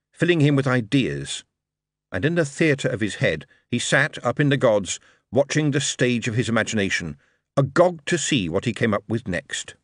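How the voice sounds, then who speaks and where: Male audiobook narrator, expressive, lively delivery, dry booth sound. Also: mid-range voice, no room sound. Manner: measured, expressive storytelling. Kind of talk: scripted narration.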